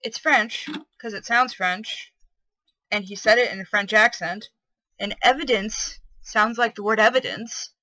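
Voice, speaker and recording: A woman's voice: medium pitch, a little slow, sharp tone, no room sound, low-quality recording. A woman giving gameplay commentary, curious and speculating aloud as she plays. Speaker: let's play host.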